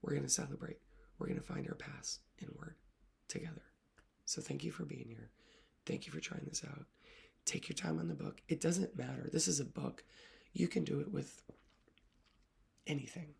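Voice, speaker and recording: A woman literacy coach talks straight to her viewers in an earnest, emotional way. Her voice carries a strong gravelly fry, and she often lets her words fall away into a breathy near-whisper. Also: deep voice, moderate pace, pauses often. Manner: soft-spoken, often dropping to a whisper. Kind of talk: reflective talk to camera.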